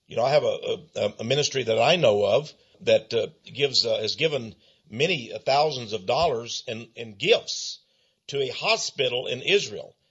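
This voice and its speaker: A man's voice: medium pitch, expressive, moderate pace, breathy edge, highs cut off. A man hosting a talk show, telling a story and asking his guest questions, with hesitant fillers. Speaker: host. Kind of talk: podcast interview talk.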